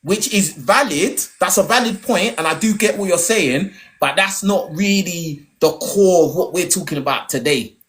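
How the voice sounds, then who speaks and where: A man hosting a group discussion, animated and repeating himself as he makes his points. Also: high-pitched, moderate pace, hardly any pauses. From Nigerian heritage. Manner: animated, repeats words, says "bruv". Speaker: host.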